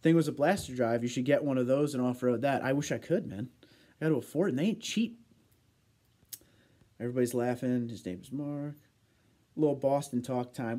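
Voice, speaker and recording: A man's voice: mid-range voice, brisk, pauses often, warm tone. A man hosting a casual livestream, reading out viewer comments in a chatty way and laughing often. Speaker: livestream host.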